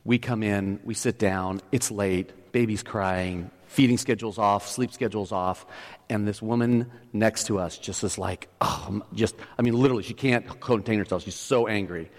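A middle-aged pastor tells a story in his sermon, often restarting and building up to emphatic peaks. His voice is fairly low and moderately paced, with long hall reverb on the recording.

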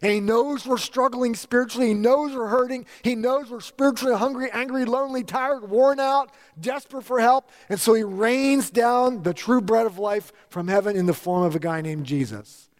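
A man's voice: very high voice, moderate pace, hardly any pauses. A male pastor preaching a sermon, building emphasis through repeated lists. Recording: long hall reverb.

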